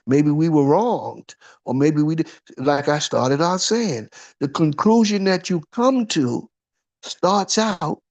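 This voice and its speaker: This preacher has a fairly high pitch and a darkish tone. His informal sermon is conversational and full of rhetorical questions. He often checks in with listeners, asking "huh?"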